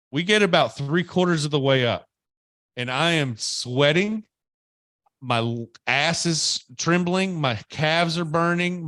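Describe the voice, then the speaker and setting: Animated male podcast host telling stories. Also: a little high, no echo. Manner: animated, exaggerated storyteller. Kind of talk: casual storytelling.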